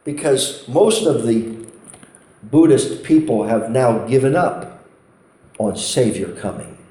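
A man's voice: mid-range voice, animated, slow, warm tone. A man preaching a sermon, telling a story with impassioned, pleading emphasis. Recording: roomy hall echo.

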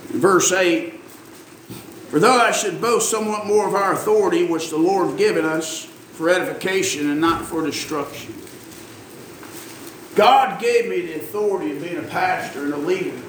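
With a high voice and moderate pace, a middle-aged pastor preaches a folksy, emphatic sermon to a congregation that answers back in call-and-response. It was recorded from far off in a church sanctuary, noisy and echoey.

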